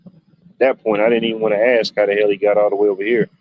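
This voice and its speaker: Laid-back man, low voice. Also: level tone, fast. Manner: laid-back storyteller, drawling Southern turns of phrase. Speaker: livestream host. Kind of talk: casual rambling chat. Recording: dull lo-fi stream audio, faint noise.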